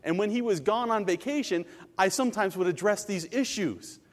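A man's voice: high-pitched, moderate pace, long reverb tail. A man preaching a sermon as a pastor, telling stories with animation and acting out the quotes. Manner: animated storytelling, acts out quotes.

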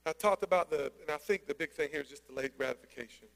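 A man preaching a sermon, energetic and conversational, with joking asides. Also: on the high side, fast, gravelly. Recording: long hall reverb.

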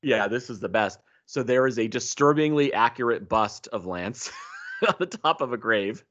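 A man in a relaxed podcast chat about comics, who laughs often and acts out the lines he quotes. His voice sits at a middle pitch. The recording sounds a bit dull and lo-fi. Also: moderate pace, slight background noise. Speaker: podcast co-host. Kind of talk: casual comic book discussion.

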